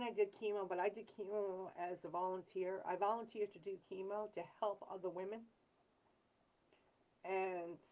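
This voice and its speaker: A woman hosting a live chat, talking in an earnest, rambling way with frequent pauses and apologies. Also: mid-range voice, narrow, tinny audio. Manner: blunt and self-deprecating. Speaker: livestream host.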